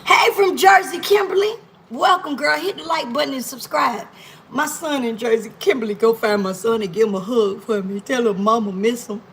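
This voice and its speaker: Speaking into her phone during a casual home-kitchen cooking stream, a woman from Miami teases her viewers playfully, her African American Vernacular speech drawling. Her pitch is fairly high and her pace fairly quick. The recording is low quality, with slight background noise.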